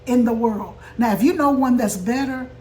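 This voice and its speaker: A woman's voice: on the high side, moderate pace, a crowd in the background. An older woman hosting a casual home cooking vlog, chatting to viewers and laughing easily as she talks. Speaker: vlog host. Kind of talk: casual mukbang chat. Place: home kitchen table.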